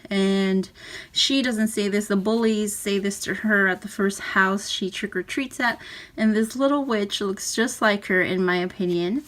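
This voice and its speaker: A woman casually talking through a handmade journal she is showing page by page, relaxed and chatty. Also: medium pitch, unhurried, poor audio. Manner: chatty, relaxed, with fillers and soft laughs. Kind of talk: casual craft walkthrough. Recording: audible background noise.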